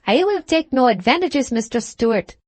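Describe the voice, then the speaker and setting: A proud Highland piper and rival, played by a woman reader keeps his manners cool and polite while he needles his opponent. His voice sits a little higher and lighter than the narration around it. The sound is dry and close. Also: lively intonation, normal speed, no echo. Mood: coolly polite.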